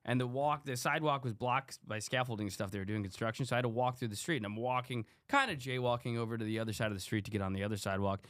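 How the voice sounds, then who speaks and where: A man's voice: medium pitch, racing, hardly any pauses, dry recording, clean studio sound. A man on a podcast, telling a street story casually and acting out the people in it. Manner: animated, acts out the people in his stories. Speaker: podcast guest.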